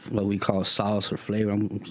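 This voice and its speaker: A man's voice: lowish voice, normal speed. A middle-aged man from Texas, telling stories in an interview and acting out the people in them. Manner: animated, acts out quoted people in raised voices. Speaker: guest. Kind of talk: storytelling interview.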